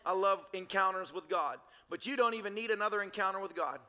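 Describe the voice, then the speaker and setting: A man preaches with fervor, his high, bright voice carrying a gravelly edge. He builds his points in rhythmic, repeated phrases. Every word echoes through a large church hall. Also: fast. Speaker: pastor. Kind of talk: sermon. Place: church sanctuary.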